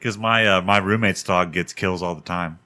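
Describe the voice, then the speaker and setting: Low, bright laid-back man. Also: moderate pace. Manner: laid-back, laughs easily, short replies. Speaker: podcast co-host. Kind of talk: casual chat.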